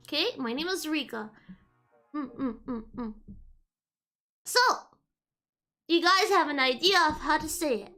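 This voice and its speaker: A woman's voice: sits high, expressive, moderate pace, pauses often, pushed and bright, faint music behind. A woman whose first language is French, giggling and playfully sidetracked as she teaches French on a casual live stream. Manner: giggly, playful, easily distracted.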